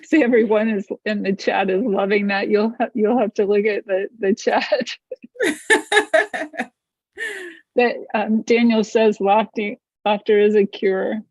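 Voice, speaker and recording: A woman's voice: medium pitch, steady tone, moderate pace, hardly any pauses, darkish tone, dry recording, rough recording. A woman hosting an online event, thanking a speaker and reading out the next speaker's introduction. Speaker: event host.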